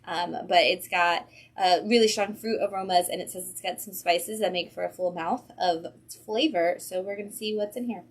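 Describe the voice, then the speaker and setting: A woman's voice: fairly low pitch, normal speed, husky. A woman hosting a casual livestream from a comic book shop. She is chatty and upbeat and drops in frequent ums.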